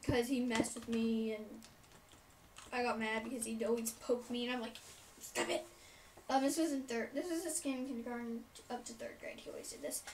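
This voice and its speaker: A woman's voice: a little high, fairly even intonation, a little fast. A young woman telling a childhood story in a casual, rambling way, full of fillers and side remarks. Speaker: storyteller vlogger. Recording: distant mic, noisy room.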